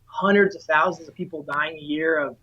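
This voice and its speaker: A man's voice: fairly high pitch, fairly even intonation, a little fast, sharp tone. A man being interviewed as a guest, speaking earnestly and with passion about his work. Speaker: guest, solar sales dealer. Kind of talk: interview answer. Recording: slightly dull lo-fi audio.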